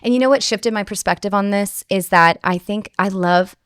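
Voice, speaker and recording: A woman's voice: mid-range voice, normal speed, smooth, no room sound, clean studio sound. A woman in her thirties, a guest on a podcast, talking casually about motherhood in a chatty, laughing way. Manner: warm, chatty, laughs often. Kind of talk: casual conversation.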